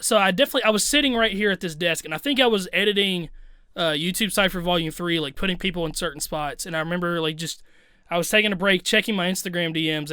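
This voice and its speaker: A young man co-hosting a casual podcast, telling stories in an animated, excitable way and swearing freely. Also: high voice, clear, resonant tone, dry recording, studio quality. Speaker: podcast co-host and rapper. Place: home desk.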